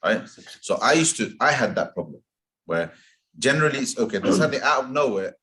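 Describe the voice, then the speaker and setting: A man teaching a casual Quran pronunciation class in a community centre, patiently drawing out sounds slowly to demonstrate them. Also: medium pitch, animated, bright, forceful tone. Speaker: tajweed teacher. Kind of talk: informal Quran pronunciation lesson.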